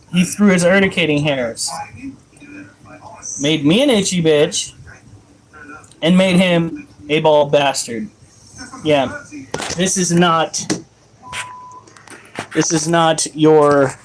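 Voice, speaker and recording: Slow-talking livestreamer man, joking and profane. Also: a little high, slight background noise, low-quality recording. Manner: profane, joking, scolds his dogs. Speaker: livestreamer caring for pets. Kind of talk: casual live stream chat. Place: at home with animals.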